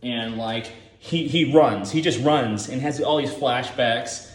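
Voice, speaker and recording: A man's voice: mid-range voice, takes it slowly, reverberant. A man giving rambling, profane casual commentary, full of filler words, as the host.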